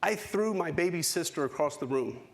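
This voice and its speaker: A man in his forties giving a keynote speech, telling a personal story with dramatic pauses and emphasis. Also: fairly high pitch, expressive. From United States. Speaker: keynote speaker. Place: conference hall stage.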